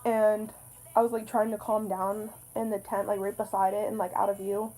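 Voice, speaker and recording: A young woman vlogger telling a story in an excited, breathless way, full of "like"s. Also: mid-range voice, moderate pace, poor audio. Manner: excited, breathless retelling with many "like"s. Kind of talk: casual storytime.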